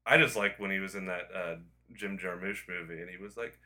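A man with a very bright, forceful voice chats loosely, starting over mid-sentence and dropping the odd swear. His pitch sits a little low for a man. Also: steady tone, fairly quick. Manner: rambling, with restarts and swearing. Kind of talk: casual chat.

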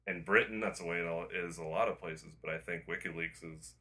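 A man's voice: sits low, steady tone, brisk, bright, forceful tone. A man in casual chat who rambles, restarts his sentences a lot and swears now and then.

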